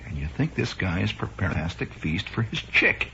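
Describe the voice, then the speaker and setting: A man from Chicago spins a wry, rambling monologue with a lively, rising and falling voice. His tone is bright and forceful. The sound is muffled, like an old 1960s radio broadcast. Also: sits low, a little fast, creaky, slight background noise. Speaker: radio host. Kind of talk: improvised comic monologue. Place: radio studio.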